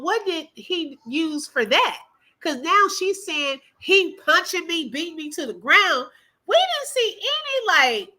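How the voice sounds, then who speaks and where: A bright, fairly high-voiced woman hosts a reaction video. She comments with skeptical, animated energy and keeps calling out to her viewers in a loose, chatty way. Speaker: reaction channel host.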